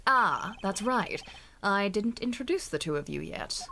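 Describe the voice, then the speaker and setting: A woman playing a cool, low male prosecutor. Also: big pitch swings, unhurried, sharp tone, slight background noise, heavily acted. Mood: composed. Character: composed, dry male prosecutor. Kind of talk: fan voice acting of a game.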